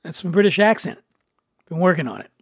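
High-voiced playful male podcast host. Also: very animated, brisk, creaky, slightly rough, no room sound, studio quality. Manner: jokey, playful, teasing. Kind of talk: casual podcast chat.

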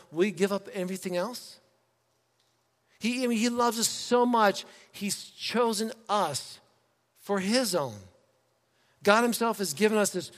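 A man with a high, light voice preaches a sermon in a church, talking to the congregation in a relaxed, conversational way. He brightens into animated quoted voices now and then. The sound carries a long reverb from the hall. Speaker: pastor. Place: church sanctuary.

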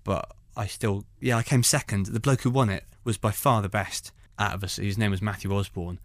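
Fast-talking man, lower voice. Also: no room sound, clean studio sound. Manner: animated storytelling. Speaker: stand-up comedian. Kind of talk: conversational anecdotes.

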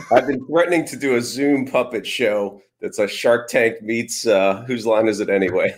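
A man appearing as a guest on a podcast, relaxed and easygoing. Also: mid-range voice, moderate pace. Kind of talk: casual podcast interview.

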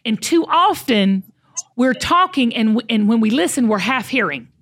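A woman's voice: on the high side, normal speed. A woman hosting a casual chat with her friend, talking in an emphatic, preachy way. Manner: animated, preachy and emphatic, acts out quotes. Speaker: podcast host.

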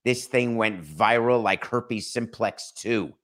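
A man's voice: lowish voice, fairly bright tone. Sarcastic male sports podcast host. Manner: dry, mocking, deliberate pauses for emphasis.

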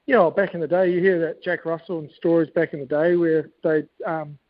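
Kiwi bloke telling cricket tour yarns, high voice, dull dry sound. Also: male voice, level tone, a little fast, dry recording. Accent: New Zealand. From New Zealand. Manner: storytelling, laid-back, laughs often. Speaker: guest, former cricketer. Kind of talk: casual podcast chat.

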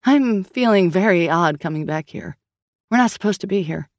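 A woman narrator voicing a brisk, wry female investigator with a slightly raised voice. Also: lowish voice, lively intonation, no room sound, clean studio sound.

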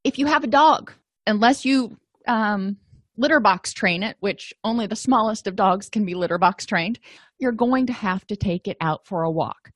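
A middle-aged woman teaches in an easy, conversational way, often pausing to rephrase mid-sentence. Her voice sits at an ordinary middle pitch. The recording is dry and close, with no room sound. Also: dry recording. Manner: conversational, thinking aloud with fillers and restarts. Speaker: instructor. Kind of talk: recorded lecture.

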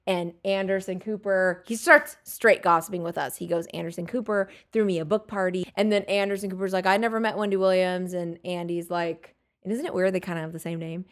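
A woman telling a long, animated story in casual chat, swearing freely and acting out what people said. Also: on the low side, brisk. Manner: animated, profane storytelling with acted-out quotes.

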